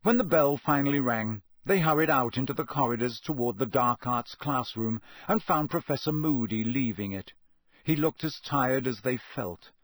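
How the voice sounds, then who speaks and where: A man reading a story aloud in a steady, measured narration. His voice is mid-pitched and husky. It is recorded close and dry, with no room sound. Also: no room sound. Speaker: audiobook narrator. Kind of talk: scripted narration.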